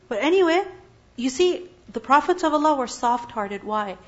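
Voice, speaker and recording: A woman's voice: high voice, expressive, normal speed. A woman giving an Islamic lesson, asking her listeners questions and then answering them herself. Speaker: religious teacher. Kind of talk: Islamic lecture. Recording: dull lo-fi recording.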